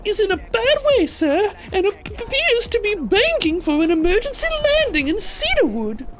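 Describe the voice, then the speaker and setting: Squeaky panicked young soldier. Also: male voice, big pitch swings, normal speed, a bit bright, heavily acted. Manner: stammering, breathless falsetto.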